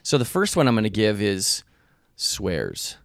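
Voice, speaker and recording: A man's voice: on the low side, huge pitch swings, a little slow, gravelly, no room sound, clean studio sound. A man in his thirties co-hosting a podcast, telling candid personal stories in casual chat and laughing often. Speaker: podcast co-host, husband.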